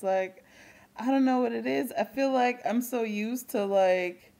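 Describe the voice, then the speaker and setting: A young woman vlogging in casual chat, talking quickly with lots of fillers and frequent laughs. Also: a little high, a little mellow.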